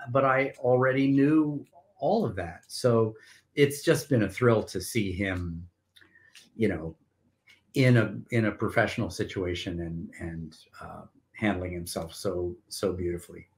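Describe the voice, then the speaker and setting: An older man, a stage actor, telling stories in a measured, wry way during a casual video interview. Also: medium pitch.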